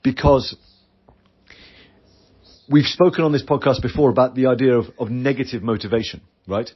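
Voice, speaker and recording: A British podcast host with a slightly high, somewhat rough voice delivers solo business coaching talk. He speaks earnestly and acts out quoted voices, though the audio sounds dull.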